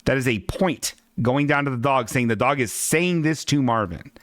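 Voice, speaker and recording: A man hosting a casual livestream podcast, reading a comic strip aloud with halting restarts and swearing asides. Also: mid-range voice, fairly bright tone, no room sound, studio quality. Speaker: podcast host.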